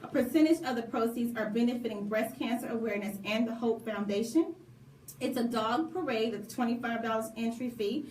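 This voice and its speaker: Woman co-host, lively and preachy, somewhat high voice, echoey room. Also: a little fast, slight background noise. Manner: lively, preachy, laughing asides. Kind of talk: casual radio talk. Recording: echoey room from a distant mic.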